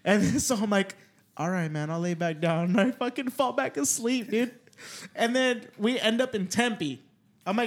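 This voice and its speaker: A man's voice: high-pitched, moderate pace. A young man hosting a casual podcast, telling rowdy stories full of swearing. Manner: loose, profane storytelling, swears constantly. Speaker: podcast host. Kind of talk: casual chat.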